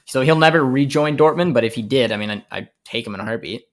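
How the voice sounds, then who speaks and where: Casual young Canadian stream host. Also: male voice, mid-range voice, fast talker. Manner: reads viewer comments aloud and answers them, laughing often. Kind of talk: casual live-stream chat.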